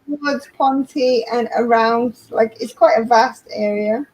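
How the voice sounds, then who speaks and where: A woman's voice: on the high side, unhurried, a little mellow, low-quality recording. A woman with a Welsh accent chatting bluntly and sarcastically as co-host of a live stream. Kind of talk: casual chat.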